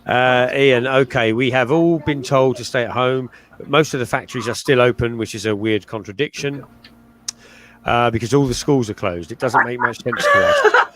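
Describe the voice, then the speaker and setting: A man's voice: medium pitch, very animated, normal speed, a bit bright. A man on a live chat show, hesitant and full of "uh" and restarts as he passes on news he was sent. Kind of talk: casual chat, reading out a message.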